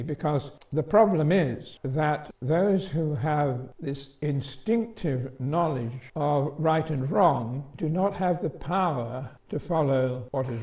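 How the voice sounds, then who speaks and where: A man delivering a sermon in a measured, deliberate way, telling a story to make his point. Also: fairly high pitch, a little mellow. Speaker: preacher. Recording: dull lo-fi sermon recording.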